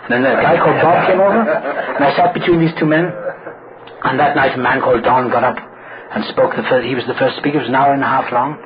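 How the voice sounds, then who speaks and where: A man's voice: medium pitch, fairly even intonation, brisk. Man, wry storyteller at a recovery meeting, acts out voices; muffled, hissy recording. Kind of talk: humorous personal story told to an audience. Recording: muffled recording with loud background noise.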